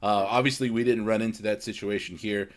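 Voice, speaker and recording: A man's voice: fairly low pitch, fairly even intonation, a little fast. A man co-hosting a podcast, rambling in casual chat with many restarts and fillers. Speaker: podcast co-host.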